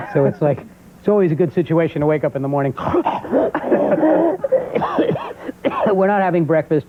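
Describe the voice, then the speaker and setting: A man in his thirties with a New York accent, a comedian guest on a talk show telling stories and jumping into loud character voices. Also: medium pitch. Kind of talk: talk show stand-up storytelling. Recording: tinny phone-like old VHS audio with faint hiss.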